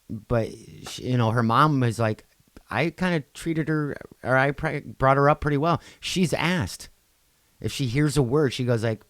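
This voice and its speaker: Man podcast co-host, mid-range voice, easygoing and animated storyteller, dry close mic. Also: normal speed, no echo. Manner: animated, swings loud for quoted outbursts, then drops low. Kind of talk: casual chat.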